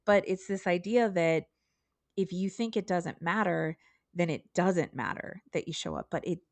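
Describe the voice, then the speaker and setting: Low-voiced woman, gravelly, dry close sound, earnest podcast co-host. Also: moderate pace, dry recording. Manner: earnest, emphatic, pleading at times. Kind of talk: casual political discussion.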